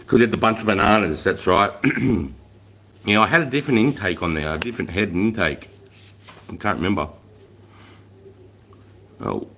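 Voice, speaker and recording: A man's voice: on the low side, normal speed, pauses often, a bit bright, a little hiss or hum. An Australian man in his forties hosting a casual livestream, telling blunt, profane stories and chatting with viewers. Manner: blunt, swearing, slangy storyteller. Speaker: livestream host. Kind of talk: casual livestream chat, reading comments.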